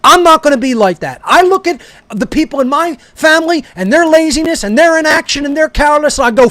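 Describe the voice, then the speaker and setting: High-voiced man ranting and berating. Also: lively intonation, quick pace, bright, forceful tone, no echo. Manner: aggressive, berating, swearing constantly. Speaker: speaker. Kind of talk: profane ranting monologue.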